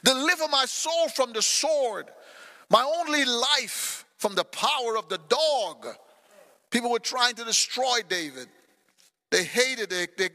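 A male pastor preaching a sermon with passion, swinging between loud shouted cries and quiet low asides. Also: in a large hall. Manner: impassioned preaching, shouts scripture lines. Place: church sanctuary.

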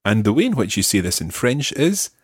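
A man hosting a language course, teaching deliberately and slowing down to model words. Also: on the low side, very animated, husky, no room sound, studio quality. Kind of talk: scripted language lesson. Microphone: close studio mic.

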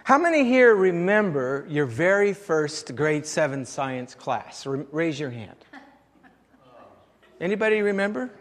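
A middle-aged man preaches in an easy, story-driven way, his voice sitting a touch high for a man. Long reverb from the church sanctuary hangs after his phrases. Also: sing-song, a little slow. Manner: conversational, anecdotal. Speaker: pastor. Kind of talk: sermon.

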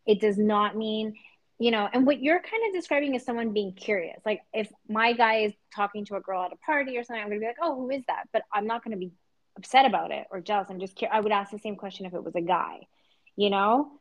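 A woman's voice: mid-range voice, fast, rough recording. A woman in her thirties from Canada, co-hosting a podcast in casual chat, talking with many fillers. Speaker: podcast co-host.

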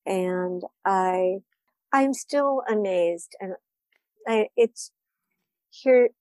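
A woman's voice: medium pitch, drawn-out words, a little mellow, no echo. A woman wine writer answering interview questions, candid and reflective, often laughing at herself.

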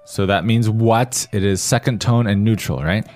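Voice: medium pitch, normal speed, darkish tone, faint music behind. A co-host of a language lesson who asks guiding questions and breaks down tones word by word.

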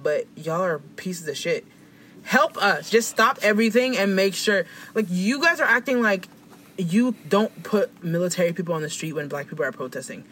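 Animated high-voiced man ranting. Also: normal speed, a little hiss or hum. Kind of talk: casual chat.

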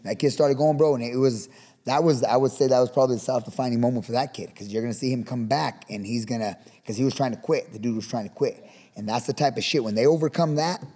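Fast-talking boxing coach guy, dark mellow voice, lots of cussing, roomy reverb. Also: medium pitch, slightly rough. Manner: profane, fired-up, acts out shouted coaching. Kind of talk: casual podcast interview.

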